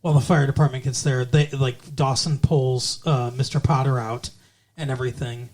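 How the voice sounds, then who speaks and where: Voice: mid-range voice, fairly even intonation, normal speed, a little mellow. A podcast co-host with a mid-range voice recaps a TV episode in casual chat. The delivery is laid-back, with chatty asides and small corrections.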